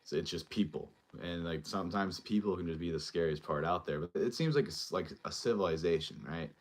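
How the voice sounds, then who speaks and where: Deep-voiced man rambling through a review. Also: a little fast. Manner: rambling, filler-heavy, loosely retells scenes. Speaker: show host. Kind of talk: casual episode recap and review.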